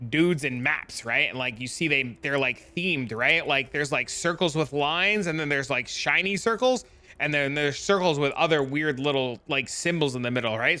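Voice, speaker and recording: A man's voice: on the high side, bright, forceful tone, no room sound. A young man streaming a game, explaining it in a rambling, joking, profane way. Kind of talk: casual livestream chat.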